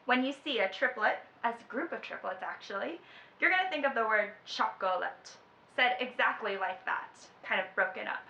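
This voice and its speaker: A woman leads a children's music lesson in a bright, forceful voice. She counts each group in and chants the rhythm words on the beat. Her voice rings a little in a roomy space, and the recording sounds slightly dull. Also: fairly high pitch, animated, moderate pace, creaky, a little hiss or hum. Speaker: music teacher.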